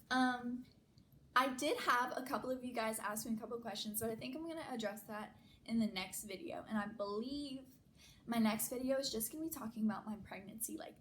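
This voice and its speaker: A woman's voice: medium pitch, a little hiss or hum, rough recording. Chatty young woman telling a story. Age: young adult. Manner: chatty, many "like" fillers, animated retelling. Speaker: vlogger. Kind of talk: casual storytime vlog.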